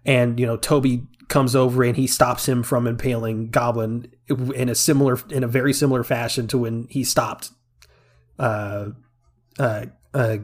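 A man co-hosting a podcast, excitedly retelling movie scenes in casual chat, laughing often and restarting his sentences. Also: mid-range voice, normal speed. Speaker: podcast co-host.

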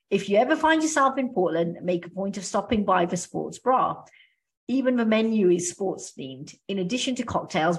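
A woman co-hosting a casual podcast chat, thoughtful, working her ideas out aloud with restarts. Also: on the low side. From Australia. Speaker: podcast co-host.

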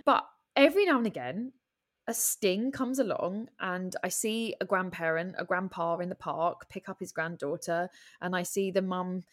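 Speaking at normal speed, a comedian and writer who is an adult with a husband and a child chats in a casual podcast interview as a guest. She tells lively personal stories, voicing her own thoughts in high-pitched tones.

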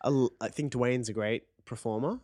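A man co-hosting a podcast in casual chat, animated and jokey, swearing freely. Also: mid-range voice, normal speed, dry recording, clean studio sound. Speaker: podcast co-host.

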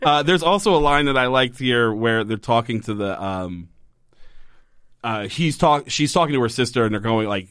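A man's voice: medium pitch, fairly quick, no echo, clean studio sound. Chatty man recapping a show. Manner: rambling, filler-heavy, animated when quoting characters. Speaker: podcast co-host. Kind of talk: casual TV episode recap chat.

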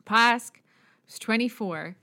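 An Irish woman co-hosting a podcast tells a true story in casual chat, her voice on the high side, slow and sharp. She's chatty, uses plenty of fillers and lets the odd swear slip.

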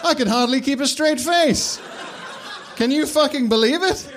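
A man's voice: a little high, expressive, a little fast, a little hiss or hum, natural voice. A man voicing a lazy, crude old male headmaster wizard who talks casually, swears, and chuckles. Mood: gleeful. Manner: laid-back, swearing, chuckling.

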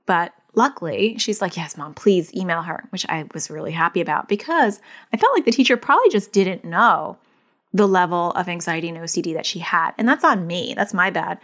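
This therapist and parent has a lowish, slightly bright voice and talks fairly quickly, very animated as she hands out advice. It's a casual, earnest and chatty monologue packed with "like" fillers.

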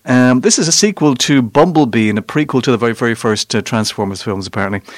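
Male film reviewer, rambling radio chat, dry studio sound, mid-pitched voice. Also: animated, quick pace, dry recording. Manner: chatty, rambling, keeps asking "you know what I mean".

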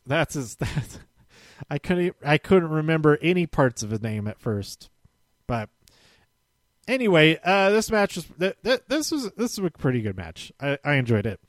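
A man's voice: on the high side, very animated, moderate pace, no echo, studio quality. A man giving a casual, rambling spoken recap, often restarting and correcting himself with small chuckles. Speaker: show recap host.

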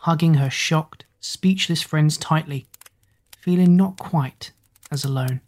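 A woman narrating a children's storybook, reading the narration between lively character lines. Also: deep voice, slow pace. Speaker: audiobook narrator.

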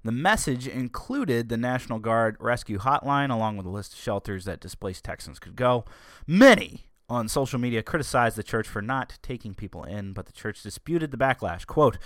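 A man's voice: mid-range voice, animated, moderate pace, fairly bright tone, no echo, studio quality. A man giving opinionated commentary in a sarcastic, ranting way, reading out news along the way. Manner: reads news article aloud. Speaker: political commentator.

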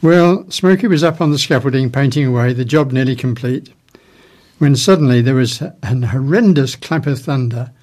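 Man telling jokes, a little halting. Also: mid-range voice. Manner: hesitant at first, restarting words, then a steady storyteller. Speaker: radio guest telling jokes.

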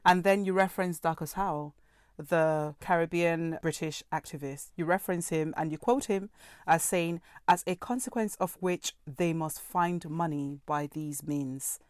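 A woman with a slightly low voice leads a literary interview, framing careful, analytical questions. Her voice sounds dry and close to the mic. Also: a little slow, dry recording.

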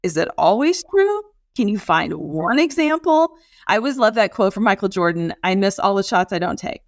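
A woman's voice: mid-range voice, animated, fairly quick, dry recording. A middle-aged woman talks through a podcast conversation in an emphatic, encouraging way, often affirming her partner. Her voice sits mid-range and sounds close and dry on the mic. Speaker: podcast co-host. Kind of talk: casual podcast chat.

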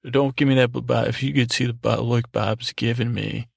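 Man, podcast host, gravelly, monotone, dry close mic, rambling jokey asides. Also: medium pitch, moderate pace, dry recording. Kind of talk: casual thank-yous to listeners. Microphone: close studio mic, alone.

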